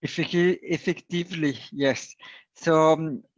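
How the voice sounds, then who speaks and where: A man with a French accent, a native French speaker, reads a prepared company introduction carefully and haltingly. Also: on the high side, steady tone, no room sound. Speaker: company director. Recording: dry, dull lo-fi call audio.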